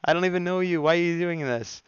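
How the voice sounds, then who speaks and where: A man voicing a panicked, bewildered cartoon bird in high, pleading cries. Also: quick pace, clear, resonant tone, no room sound, lo-fi sound, close to an everyday voice.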